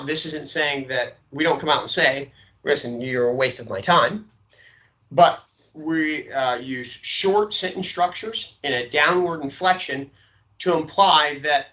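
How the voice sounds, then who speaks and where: A man's voice: mid-range voice, pushed and bright, poor audio. A man teaching a sales training lecture, checking in often with "okay?" and demonstrating inflections.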